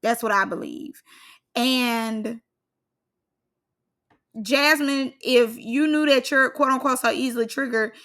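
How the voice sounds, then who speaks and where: Chatty, bright-voiced young woman recapping. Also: a little high, slow pace, long pauses. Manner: chatty, opinionated, filler-heavy. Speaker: reality show recapper. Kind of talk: casual reaction commentary.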